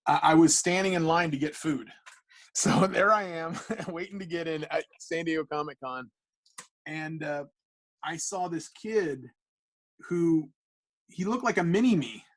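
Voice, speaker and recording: Casting note: man guest on a podcast, chatty animated storyteller, restarts a lot, voice pitched a bit high. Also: unhurried, rough recording. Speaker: comic book artist guest.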